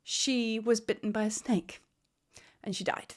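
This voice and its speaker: Woman teacher, slightly high voice, rambling heartfelt vlog to camera. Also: fairly even intonation, unhurried. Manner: rambling, heartfelt, trying not to cry. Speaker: spiritual teacher and priestess. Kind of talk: casual vlog talk to camera. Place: at home in Cape Town.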